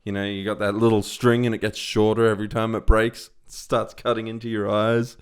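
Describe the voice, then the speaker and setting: Low-voiced dad, joking and excitable. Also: male voice, a little fast, clear, resonant tone. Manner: joking, excitable, breaks into loud laughter. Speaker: podcast co-host. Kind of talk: casual chat.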